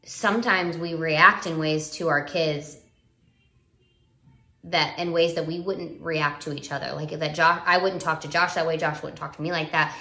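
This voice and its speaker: This young woman's voice is low-pitched, bright, and pushed as she speaks earnestly about parenting. A vlogger in a casual live video chat, she rambles, restarts, and leans on fillers, with noticeable room echo around her.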